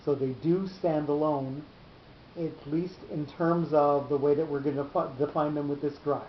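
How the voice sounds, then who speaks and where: A man teaching a cantillation class, explaining slowly with long pauses. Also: a little high, steady tone, a little hiss or hum. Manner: patient, explanatory, drawn-out pauses. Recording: echoey room, muffled lo-fi sound.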